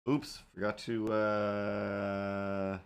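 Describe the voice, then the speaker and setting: A man hosting a casual livestream, rambling and talking to his streaming software and his animated cat helper. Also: fairly low pitch, extremely slow, noisy background. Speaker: livestream host and cartoonist.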